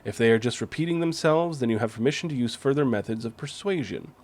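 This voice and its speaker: A man's voice: mid-range voice, expressive, fast, a little mellow. A man streaming a game, commenting casually, swearing freely and reading on-screen text aloud.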